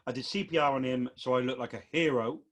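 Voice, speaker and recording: A man's voice: medium pitch, fast. A man hosting a comedy quiz podcast, chatty and laughing easily. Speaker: quiz host. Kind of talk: comedy panel podcast chat.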